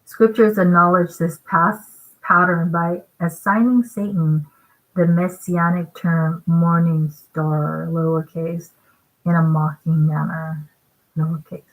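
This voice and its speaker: A woman preaches through scripture in an unhurried, measured way, pressing each point home. Her voice sits on the low side. She keeps turning to her listeners with rhetorical questions as she works through the text. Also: flat delivery, poor audio. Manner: emphatic, deliberate, with rhetorical check-ins. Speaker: online preacher. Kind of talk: sermon-style scripture commentary.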